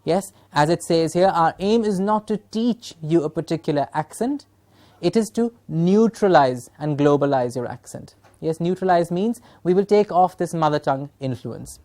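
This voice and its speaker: A woman's voice: deep voice, expressive, moderate pace, dark tone. A middle-aged woman gives a classroom lecture, explaining points and asking rhetorical questions. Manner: explanatory, asks rhetorical questions and checks with "yes?". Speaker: English pronunciation teacher.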